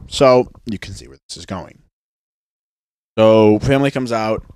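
A man's voice: on the low side, unhurried, darkish tone, clean tone, no echo, clean studio sound. A young man, a podcast host, telling a story in a rambling, sarcastic casual chat. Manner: rambling, sarcastic, mocks others in put-on voices.

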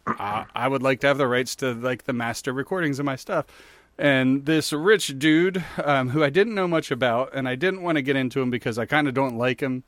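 A man's voice: medium pitch, brisk, no echo. Rambling man on a podcast, dry sound. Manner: rambling, animated storyteller with many fillers. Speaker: podcast co-host. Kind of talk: casual chat.

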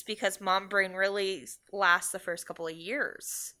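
A young woman co-hosting a casual podcast, with a bright, clear tone. She talks earnestly and reflectively, her sentences often trailing off as she thinks. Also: medium pitch, measured pace. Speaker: podcast co-host.

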